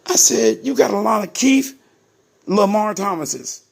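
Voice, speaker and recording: A man's voice: sits high, animated, a little slow, gravelly. A middle-aged man from Ohio talking straight to his viewers as "people", emphatic and repetitive, retelling how his family's case was handled. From Ohio, USA. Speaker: parent telling his story to viewers. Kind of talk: casual direct-to-camera monologue.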